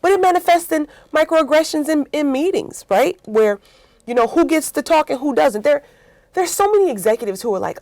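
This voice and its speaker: This woman has a high voice and talks fairly quickly, recorded dry. As an interview guest on the subject of workplaces, she tells stories animatedly with acted-out quotes and frequent "right?" tags.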